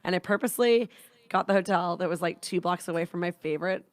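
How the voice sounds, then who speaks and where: This podcast co-host, a young Canadian woman, talks fast in a lowish voice on a dry recording. She rambles through an animated story in casual conversation, swearing frequently.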